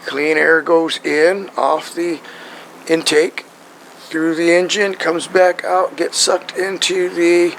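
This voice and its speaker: Man, gravelly, rambling, keeps asking "right?", casual how-to, outdoors, faint background noise. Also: fairly high pitch, little pitch movement, takes it slowly, a bit bright, poor audio. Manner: rambling, checks in with "right?" and "okay?". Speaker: truck owner showing his engine.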